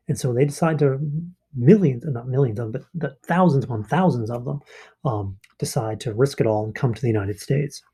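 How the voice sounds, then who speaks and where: A man's voice: mid-range voice, warm tone, slightly rough. A male history teacher explaining a lesson in a casual, conversational way, often checking in with listeners. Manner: casual, explanatory, with frequent ums and rhetorical rights. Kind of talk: recorded online lesson.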